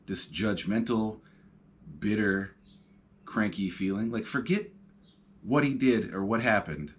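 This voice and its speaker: A man's voice: lowish voice, animated, a little slow. A man in his thirties hosting a podcast, talking casually and reflectively from his couch at home, rambling with plenty of ums and uhs. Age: 30s. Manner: rambling, reflective, lots of fillers. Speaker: podcast host. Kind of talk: casual solo talk.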